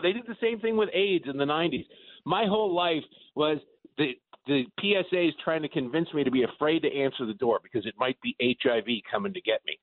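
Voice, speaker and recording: A man voices sharp, mocking political opinions over a phone line. The sound is thin and tinny, with no room around it. His delivery is emphatic and sarcastic. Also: a little high, brisk, no echo. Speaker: political commentator guest. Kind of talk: opinionated radio talk.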